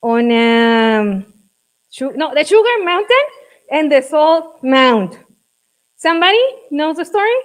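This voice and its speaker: A woman with a Mexican accent leading a teacher workshop, speaking slowly and coaxing the group along. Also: sits high, very animated, low-quality recording. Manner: slow, coaxing, checks on the group often. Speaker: teacher trainer. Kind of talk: classroom workshop.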